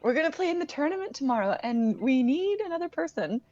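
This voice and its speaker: A woman's voice: high voice, sing-song, fast talker, darkish tone, no echo. A woman playing a tabletop game, eager and bubbly. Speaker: player. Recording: dull lo-fi audio.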